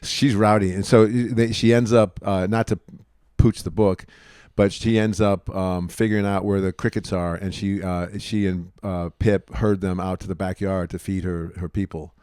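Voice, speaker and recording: A man's voice: sits low, fairly even intonation, normal speed, a little mellow, smooth, no room sound. A man, a stand-up comic guest, chatting casually with dry, joking asides. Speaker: guest comedian. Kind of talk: casual chat.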